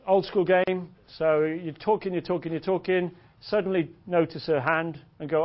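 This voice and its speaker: A man's voice: a little high, normal speed, few pauses. Joking man teaching a seminar. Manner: animated, joking, swears, laughs often. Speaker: dating coach. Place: seminar room. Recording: dull lo-fi recording.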